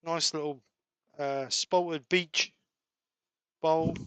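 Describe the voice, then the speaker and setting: A man's voice: on the high side, drawn-out words, clear, resonant tone, dry recording. A man hosting a live woodturning stream from his workshop, chatting casually and talking through his work as he goes. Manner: relaxed, practical, mutters while working. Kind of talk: casual live-stream chat while demonstrating. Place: home workshop.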